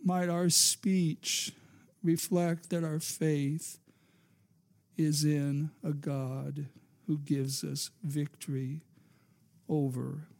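Man preaching slow n emphatic, kinda high gravelly voice. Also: little pitch movement, darkish tone. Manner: emphatic, rising to fervent crescendos; rhetorical questions to listeners. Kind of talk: sermon.

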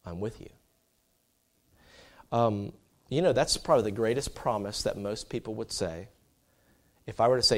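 A man's voice: fairly low pitch, normal speed. A man preaching a sermon in a conversational, storytelling way, with many fillers and restarts.

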